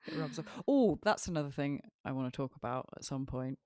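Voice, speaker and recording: Woman, southern english accent, playful podcast chat, very low pitch, dry close mic. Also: very animated, a little fast, dark tone, clean tone, dry recording. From England. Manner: laughing, playful. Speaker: podcast co-host. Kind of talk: casual chat.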